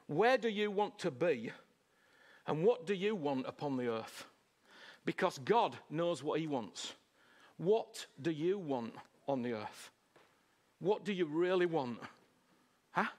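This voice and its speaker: Swinging from booming declarations to quiet, hushed moments, a preacher delivers his sermon, repeating phrases and asking the congregation "Huh?"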